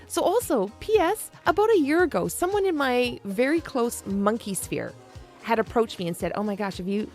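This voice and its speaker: A woman in her forties talks frankly in a playful, animated monologue, and her voice sits a bit high. She calls her listeners affectionate pet names. Faint music plays behind her. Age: 40s. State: perimenopausal. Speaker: podcast host. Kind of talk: casual monologue.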